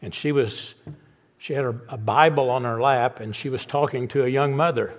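A man preaches from the pulpit, acting out a story with slow, emphatic words and a mid-range voice. He then drops into a quieter, steady prayer tone. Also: medium pitch. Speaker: pastor.

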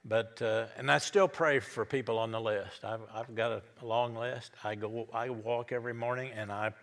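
A man's voice: medium pitch, fairly even intonation, moderate pace, gravelly, a bit bright, long reverb tail. A middle-aged man preaching a sermon as a pastor, in a folksy storytelling manner that acts out the characters. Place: church.

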